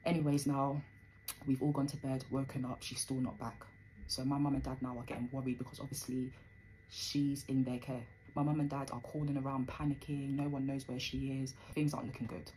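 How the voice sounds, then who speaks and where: Low-voiced woman telling a story. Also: flat delivery, brisk, warm tone, a little hiss or hum, low-quality recording. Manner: conversational, rambling with fillers. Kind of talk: personal storytime.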